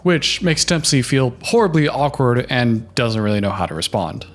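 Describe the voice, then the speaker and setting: A man's voice: mid-range voice, sing-song, normal speed. A man doing casual reaction commentary, chatty and opinionated, giving relationship advice.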